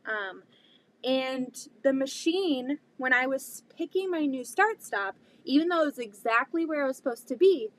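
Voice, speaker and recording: A woman with a high voice tells a story to her camera in a loose, casual vlog style. She chats along with plenty of "um"s and "like"s and animated retellings. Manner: chatty, full of "um" and "like", animated retelling. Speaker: quilting vlogger.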